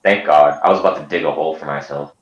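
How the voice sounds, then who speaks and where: A male host chatting casually, rambling and animated, slipping into loud mocking voices. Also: extremely low pitch, fast, echoey room, muffled recording. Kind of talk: casual chat.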